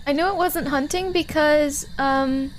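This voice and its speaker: A woman's voice: high-pitched, fairly even intonation, unhurried, a little hiss or hum, low-quality recording. A woman streaming a game, chatting casually, giggling and teasing her teammates while guiding them. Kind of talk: casual gameplay chat.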